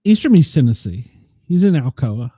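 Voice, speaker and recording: A man's voice: medium pitch, very animated, normal speed, mellow, breathy edge, dry recording, studio quality. A middle-aged man from the US South, hosting a casual chat show and telling stories, laughing often. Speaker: podcast host.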